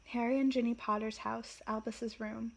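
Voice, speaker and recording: Woman, reading a play script aloud, casual, quiet, soft, fairly high voice. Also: flat delivery, moderate pace, vocal fry, low-quality recording. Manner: quiet, soft stage directions. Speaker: reader and commentator.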